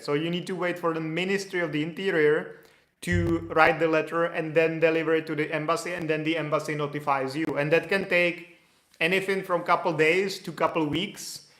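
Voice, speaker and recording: Guy answering viewer questions, kinda high voice, rambly explaining, echoey room. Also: fairly bright tone. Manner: explanatory, loose, with fillers and restarts. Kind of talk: casual Q&A livestream.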